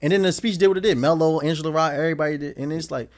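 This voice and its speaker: A man's voice: on the high side, racing. A man in his twenties, a podcast guest, telling a story in a loose, slangy way and often checking in with the listener. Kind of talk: casual storytelling in conversation.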